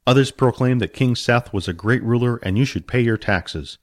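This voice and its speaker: A man narrating a fantasy storybook audiobook in an expressive storytelling manner. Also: mid-range voice, normal speed, no room sound, clean studio sound.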